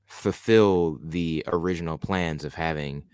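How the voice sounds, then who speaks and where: A man's voice: rumbling low, measured pace, darkish tone, clear, resonant tone, no echo, clean studio sound. A man co-hosting a podcast, chatting casually and enthusiastically about a horror film, rambling with many restarts. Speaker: podcast co-host. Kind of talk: casual film review chat.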